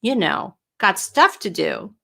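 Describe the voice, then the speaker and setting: A middle-aged woman hosting a casual livestream from home as a writing coach, talking in a chatty, animated way and answering viewer questions. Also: mid-range voice, takes it slowly, gravelly. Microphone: webcam or computer mic at home.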